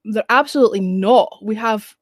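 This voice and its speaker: A woman's voice: medium pitch, normal speed, dry recording. Scottish woman, stream host, frank chatter, dry close sound. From Scotland. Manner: chatty, frank, swears casually. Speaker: livestream host. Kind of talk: casual chat. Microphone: streaming mic, close.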